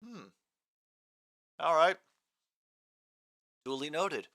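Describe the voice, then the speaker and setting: A man's voice: on the high side, lively intonation, very slow, pushed and bright. A man hosting a casual live sports stream, rambling between game commentary and replies to chat comments.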